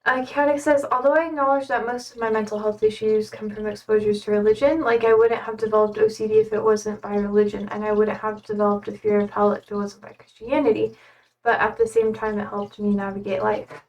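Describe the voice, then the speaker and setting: A woman's voice: mid-range voice, fairly even intonation, brisk, darkish tone, distant mic, rough recording. A young woman streamer chatting casually in a rambling way with many fillers. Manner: rambling, many fillers, talking to her cats. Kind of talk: casual chat.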